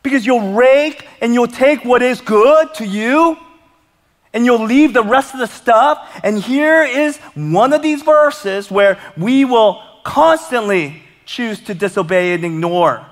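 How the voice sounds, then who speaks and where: Male pastor, lively preaching, higher voice, long hall reverb. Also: takes it slowly. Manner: animated, conversational preaching with humor and rhetorical questions. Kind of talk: sermon.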